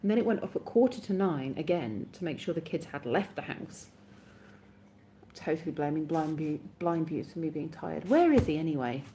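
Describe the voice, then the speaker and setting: A woman's voice: low-pitched, animated, moderate pace, mellow, a little hiss or hum. A woman hosting a live stream, chatting casually with her viewers, sleepy and yawning, giggly and self-mocking.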